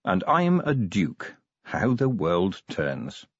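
A man's voice: low-pitched, huge pitch swings, takes it slowly, slightly rough, no echo, lo-fi sound, exaggerated voice. A man doing a grumpy, weary police commander. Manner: blunt, grumpy, exclamatory. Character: gruff, weary male police commander, middle-aged.

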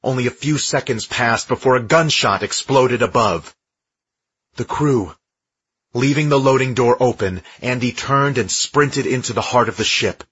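A man narrating an audiobook in a steady, measured storytelling manner. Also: mid-range voice, breathy edge, no room sound, lo-fi sound. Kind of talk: scripted narration.

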